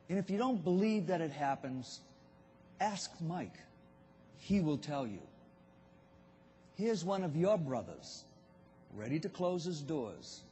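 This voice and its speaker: A man's voice: high voice, very animated, measured pace, pauses often, a little mellow, slight background noise. A man with a Boston accent giving a motivational business seminar talk, telling stories and addressing the audience directly. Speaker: business speaker. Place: event hall. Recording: long hall reverb.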